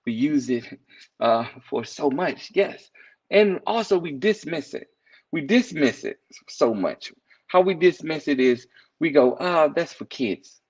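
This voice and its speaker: Husky, animated man on a live stream. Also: medium pitch, low-quality recording. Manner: animated, chuckling, addresses viewers by name. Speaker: live stream host reading viewer comments. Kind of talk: casual inspirational talk.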